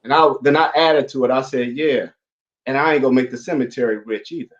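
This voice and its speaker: A man's voice: mid-range voice, a little fast, dull audio. A man hosting a casual chat, telling earnest motivational stories. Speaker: podcast host.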